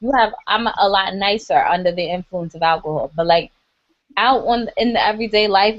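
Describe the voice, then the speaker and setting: A woman's voice: fairly low pitch, moderate pace, no echo, muffled recording. A woman co-hosting a casual podcast, blunt and heavy on fillers. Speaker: podcast co-host. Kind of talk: casual drunk chat.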